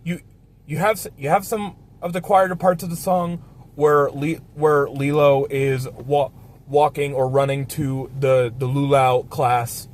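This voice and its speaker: Man, high voice, ranting film review host, swears a lot, casual chat. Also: flat delivery, unhurried, darkish tone.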